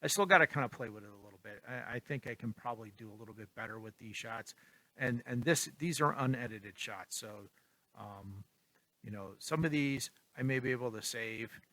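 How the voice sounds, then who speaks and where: A man casually talking through his photos in a vlog, relaxed and rambling with lots of ums. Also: medium pitch, brisk. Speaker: photography vlogger. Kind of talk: casual tutorial talk.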